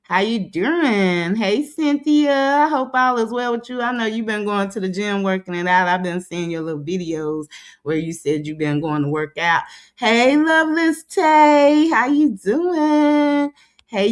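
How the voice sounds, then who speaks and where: Greeting her livestream audience, a talkative host draws out her hellos. When she reads viewers' comments aloud, her voice drops low.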